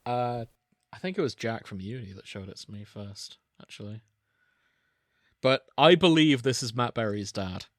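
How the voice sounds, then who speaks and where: A young man hosting a casual podcast chat, laughing often between quick asides. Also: medium pitch, no room sound, clean studio sound. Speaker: podcast host.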